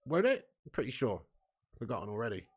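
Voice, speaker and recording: A man's voice: mid-range voice, very animated, quick pace, husky. A man hosting a live football watch-along. He reads chat comments aloud and talks in a casual, sweary way. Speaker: fan channel host.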